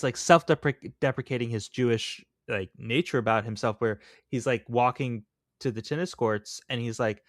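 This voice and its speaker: A man's voice: mid-range voice, moderate pace, dry recording, clean studio sound. A man co-hosting a podcast, chatting casually and with opinions about a film, full of fillers. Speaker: podcast co-host.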